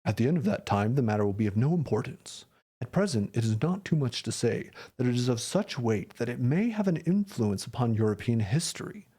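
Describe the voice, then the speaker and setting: Man putting on a deep, imperious masked nobleman. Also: sing-song, dark tone, breathy edge. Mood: grave. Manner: deep, slow and weighty, lowered voice. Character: huge, masked foreign nobleman, male, grave and imperious.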